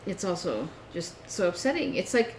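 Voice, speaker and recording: Co-host, woman, animated storyteller, echoey room. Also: lowish voice, normal speed. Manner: animated storytelling, acts out phone calls. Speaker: podcast co-host. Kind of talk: casual chat. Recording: echoey room with faint noise.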